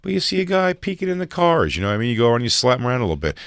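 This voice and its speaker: A man co-hosting a podcast who teases and riffs with quick wit in casual banter. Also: medium pitch, big pitch swings, dry recording. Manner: teasing, quick-witted. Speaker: podcast co-host.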